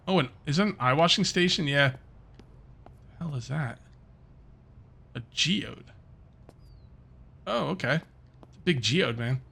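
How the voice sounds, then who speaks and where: He's a middle-aged gaming video host with a fairly high, gravelly voice and a sharp tone. Muttering and thinking aloud, he keeps up a rambling, casual commentary over a survival game.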